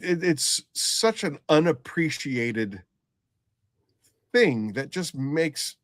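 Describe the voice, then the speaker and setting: A middle-aged man, a nurse and former paramedic, telling a blunt story in casual conversation, halting and full of restarts. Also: medium pitch, a bit bright, dry recording, studio quality.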